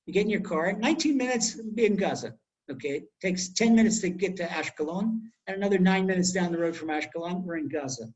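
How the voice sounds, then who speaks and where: A middle-aged man giving a Torah class, telling stories in a lively way and acting out the quoted speech. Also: high-pitched, fast, poor audio. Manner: animated storyteller, acts out quoted speech. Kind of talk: storytelling Torah lecture. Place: home in Israel.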